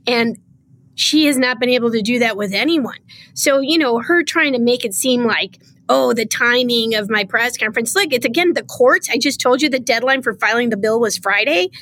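A woman's voice: a little high, normal speed, fairly bright tone, rough recording. A middle-aged woman speaking as a guest in a political interview, impassioned and emphatic. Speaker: state comptroller, guest.

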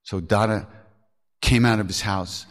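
A man's voice: on the low side, steady tone, measured pace. An older man hosting a podcast, telling spiritual stories candidly, laughing often and swearing casually. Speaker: podcast host. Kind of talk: reflective spiritual storytelling.

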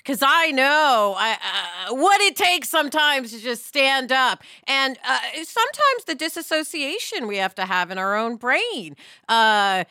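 A woman's voice: high-pitched, bright, forceful tone, no room sound, clean studio sound. A woman co-hosting a podcast, chatting expressively and casually. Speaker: podcast co-host.

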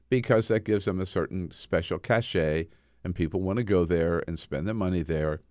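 Lively, emphatic talk-radio host man. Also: low voice, no echo, clean studio sound. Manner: emphatic, indignant storytelling. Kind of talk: political talk radio commentary.

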